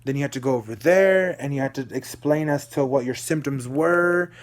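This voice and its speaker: A man's voice: mid-range voice, normal speed. A young man from Dallas, Texas, telling a personal story in a rambling, emotional way, repeating himself and swearing. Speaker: vlogger.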